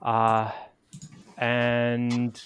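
A man talking casually as a player in a tabletop game, relaxed and halting. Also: mid-range voice, clean tone, no room sound. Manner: relaxed, laughing, with halting restarts.

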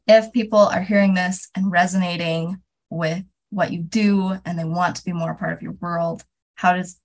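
A woman's voice: lowish voice, poor audio. A woman hosting a podcast interview, moved and thanking her guest. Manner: warmly reactive, emotional. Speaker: podcast host.

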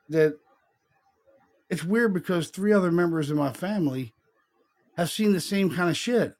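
A middle-aged man co-hosting a podcast, telling a rambling ghost story in casual chat and acting out the dialogue. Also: high-pitched. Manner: rambling, profane, retells dialogue in quotes. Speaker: podcast co-host.

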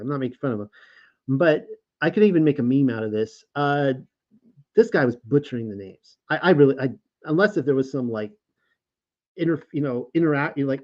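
Male host, casual scripture teaching, animated and rambling, slightly dull lo-fi sound. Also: medium pitch. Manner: casual, animated, stumbles over names and restarts. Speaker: Bible teacher and show host. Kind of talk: informal scripture study, reading and commenting.

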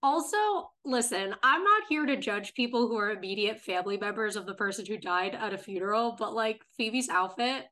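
A woman's voice: medium pitch, moderate pace, few pauses, pushed and bright. A woman co-hosting a podcast, chatting casually and retelling TV scenes at length. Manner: retells scenes at length, reading out characters' lines. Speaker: podcast co-host. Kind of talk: casual chat recapping a TV episode.

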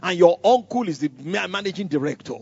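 A man's voice: high voice, expressive, fast, a little mellow, breathy edge, lo-fi sound, exaggerated voice. A man acting out pushy male co-workers who insist that there is money to be made. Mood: insistent.

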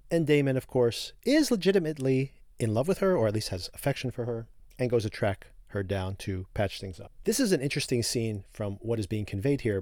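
A man's voice: mid-range voice, a little mellow. A man hosts a podcast and talks through a TV episode in a casual, opinionated way, chuckling as he goes. His voice sits in the middle range. The recording is dry and close, with no room echo. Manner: chatty, opinionated, chuckles often. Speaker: podcast host.

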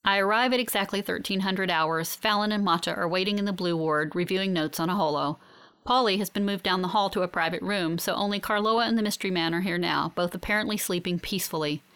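A woman's voice: fairly low pitch, fast talker, a bit bright, smooth. Woman narrating an audiobook. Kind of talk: first-person audiobook narration.

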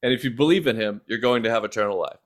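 A man doing a comic impression of a boastful older male politician, with a lowered, drawling cadence and repeated "folks". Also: very fast, close to an everyday voice. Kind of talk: comic impression reading a parody text.

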